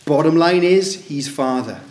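A man's voice: a little high, animated, unhurried, darkish tone. A man preaching a sermon in a conversational way, asking his listeners rhetorical questions. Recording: echoey room.

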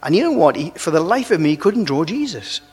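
A man preaching a sermon, earnest and halting, often restarting his phrases and pushing up into emphatic rises. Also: fairly high pitch, sing-song, a little mellow, breathy edge. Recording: long reverb of a large hall.

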